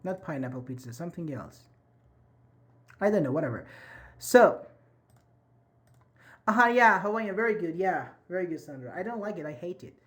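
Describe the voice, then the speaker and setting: A man's voice: high voice, sing-song, moderate pace, long pauses. Encouraging man teaching English online. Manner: encouraging, repeats and rephrases points. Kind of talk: live online grammar class.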